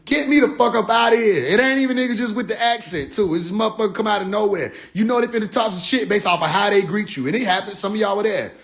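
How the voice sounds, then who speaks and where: Here the livestream host, a high-voiced man, talks fast with few pauses, cursing through an energetic, casual rant on his phone. He repeatedly slides into low, derisive impressions of others. A faint hiss or hum runs under the recording.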